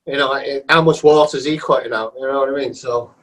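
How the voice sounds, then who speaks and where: A man hosting a podcast, talking casually in a halting, rambling way. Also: mid-range voice, fairly even intonation, fairly bright tone, low-quality recording. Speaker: podcast host.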